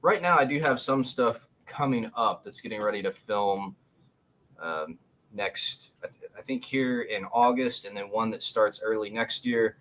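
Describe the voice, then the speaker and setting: A man's voice: lowish voice, a little slow, a bit bright. A male actor guest chatting casually and hesitantly on a livestream. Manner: easygoing, hesitant, lots of fillers. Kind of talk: casual chat.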